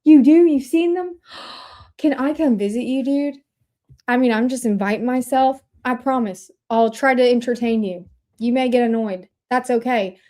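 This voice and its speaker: A woman from Indiana hosting a casual livestream, bubbly and excitable, chatting straight to her viewers. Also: a little high, normal speed. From Indiana, USA. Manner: bubbly, excitable, talks to chat. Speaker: livestream host.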